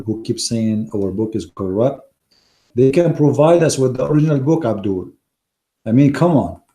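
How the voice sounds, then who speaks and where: An online Christian debater gives a polemical talk to a live audience in a dark, lowish voice that is hoarse as he loses it. He sounds emphatic and scornful, and his grammar is non-native.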